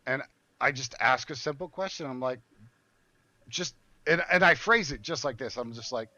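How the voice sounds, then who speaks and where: Heated outbursts punctuate the casual, profane, indignant story this man tells while streaming a game. His mid-range voice, at normal speed, comes across pushed and bright. There's no echo, but the audio is muffled and lo-fi.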